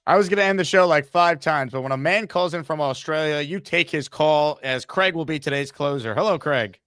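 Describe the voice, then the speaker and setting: Man, sports talk host, brash, joking, somewhat high voice, dry sound. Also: a little fast, fairly bright tone, clean tone, no echo, soft background music.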